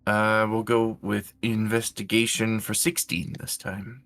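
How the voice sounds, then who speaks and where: A man's voice: fairly low pitch, level tone, measured pace, a bit bright. A man playing a tabletop role-play, describing his character's actions with some hesitation. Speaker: player.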